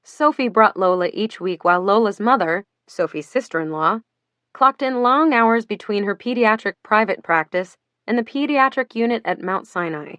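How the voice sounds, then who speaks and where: A woman reading a novel aloud as an audiobook narrator, in a steady, even storytelling manner. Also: medium pitch, normal speed, dry recording. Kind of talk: scripted narration.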